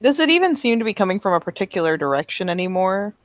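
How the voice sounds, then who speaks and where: A woman's voice: medium pitch, sing-song, fast, no echo. A woman playing a tabletop game, describing her character's actions in third person. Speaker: player.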